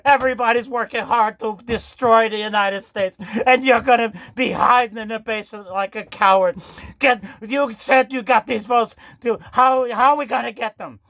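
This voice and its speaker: A man doing a comic impression of a frantic elderly woman politician who rants, shouts and stammers. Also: very high voice, steady tone, normal speed, no room sound, exaggerated voice. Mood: furious ranting.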